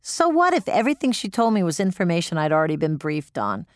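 A woman's voice: lowish voice, big pitch swings, fast, no echo, studio quality. A woman narrating in the first person as an audiobook reader, gritty, profane and emotional.

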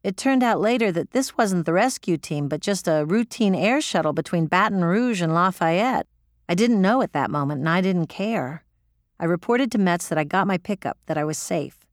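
A woman's voice: lowish voice, expressive, moderate pace, no room sound, studio quality. A woman narrating in the first person as an audiobook reader, gritty, profane and emotional.

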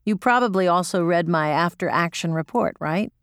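A woman's voice: fairly low pitch, normal speed, clear, resonant tone, no room sound, studio quality. A woman narrating in the first person as an audiobook reader, gritty, profane and emotional.

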